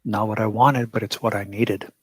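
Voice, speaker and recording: A man playing a character in a tabletop role-playing game, speaking calmly and dryly in first person. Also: lowish voice, moderate pace, slightly rough, no echo, clean studio sound. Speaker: player.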